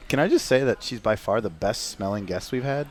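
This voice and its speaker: A man's voice: mid-range voice, brisk. A man co-hosting a casual dinner chat, rambling and joking with plenty of fillers. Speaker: podcast co-host.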